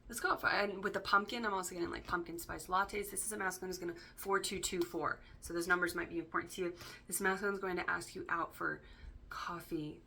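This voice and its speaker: With a lowish voice and a bright, forceful tone, this woman delivers a chatty tarot reading. She leans heavily on filler words, swears casually, and keeps asking "right?"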